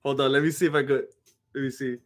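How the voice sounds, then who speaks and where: A man hosting a live stream, reacting to a fight with excitable, teasing commentary. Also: medium pitch, fast. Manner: excitable, laughs often, teasing.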